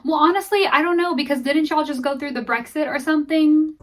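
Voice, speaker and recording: Chatty woman thinking out loud, higher voice. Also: a little fast, far from the mic, faint music behind. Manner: thinks aloud, rambling and self-deprecating. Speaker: vlogger. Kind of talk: casual gameplay commentary.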